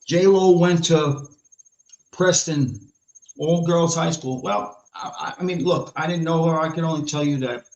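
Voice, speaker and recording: A man's voice: a little high, a little slow, darkish tone, a little hiss or hum. A man with a New York accent ranting brashly and profanely as a podcast host in casual chat. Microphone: live stream mic. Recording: echoey lo-fi room sound.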